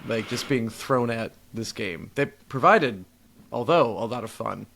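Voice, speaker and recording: A man's voice: mid-range voice, animated, unhurried, vocal fry, a bit bright, slight background noise. Laid-back rambling male podcast co-host. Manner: laid-back, rambling, often laughing along. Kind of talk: casual chat.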